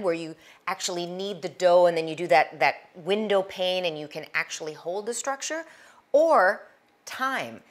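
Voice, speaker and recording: Loud, lively woman hosting a cooking show. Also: on the low side. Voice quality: loud, projecting voice. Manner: chatty and enthusiastic, talking to the viewer while working dough. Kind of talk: casual cooking demonstration.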